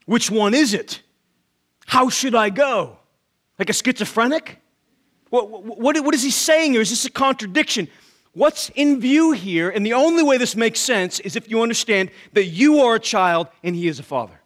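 A man's voice: extremely high pitch, expressive, moderate pace, fairly bright tone. A man preaching a sermon with emphatic rhetorical questions, often repeating words as he starts a thought. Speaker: pastor.

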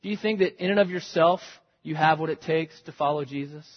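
A man with a somewhat high, husky voice preaches a sermon to his congregation, putting earnest, searching questions to them. His words carry a long reverb tail, as if from a large hall. The recording itself is dull and lo-fi. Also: brisk. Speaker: pastor.

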